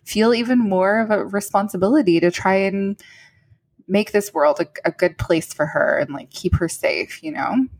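A woman's voice: medium pitch, normal speed. A woman in casual chat, telling a story with frequent laughter and many filler words.

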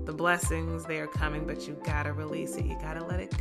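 A young woman from New Jersey hosting a podcast, talking in a casual, slangy motivational monologue. She is animated and laughs often, swinging from loud bursts to hushed, low asides. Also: moderate pace, gravelly, music in the background. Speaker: podcast host.

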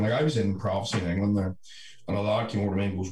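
A man's voice: low voice, flat delivery, rapid-fire, a little mellow, echoey room. A man co-hosting a podcast in casual chat, telling rambling, sweary stories full of "like". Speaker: podcast co-host.

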